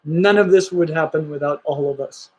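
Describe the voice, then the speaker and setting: A man's voice: on the high side, fairly quick, a little mellow, rough recording. An enthusiastic man hosting a casual livestream chat, talking in rambling bursts with restarts. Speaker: host.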